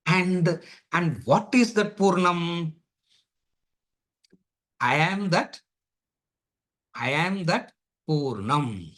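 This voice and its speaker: A man teaches in a somewhat high voice. He keeps the lecture lively with rhetorical questions and laughter, and he slows into drawn-out chanting for the sacred verses. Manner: drawn-out chanting of Sanskrit words. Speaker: Vedanta teacher.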